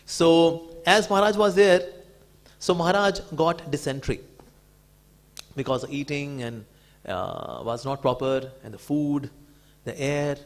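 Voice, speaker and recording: Animated man telling a devotional story. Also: fairly high pitch, a little slow, pauses often. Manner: animated, acts out quotes. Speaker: devotee speaker.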